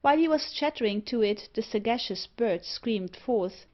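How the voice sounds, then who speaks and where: A woman reading a gothic novel aloud in measured storytelling narration, recorded with a dull lo-fi sound. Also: on the high side, expressive. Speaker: audiobook narrator. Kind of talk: scripted narration.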